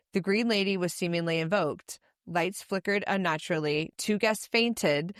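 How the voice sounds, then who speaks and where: A woman's voice: fairly low pitch, dry recording, studio quality. A woman co-hosting a podcast, chatting casually, swearing freely and reading ghost stories aloud. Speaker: podcast co-host.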